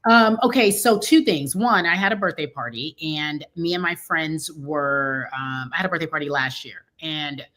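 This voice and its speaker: A woman with a notably deep voice co-hosts a relaxed talk show. She is middle-aged and tells her stories with animation, slipping into the voices of the people she quotes. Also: moderate pace, hardly any pauses. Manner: animated storytelling, acting out quoted dialogue. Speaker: co-host. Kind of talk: casual chat.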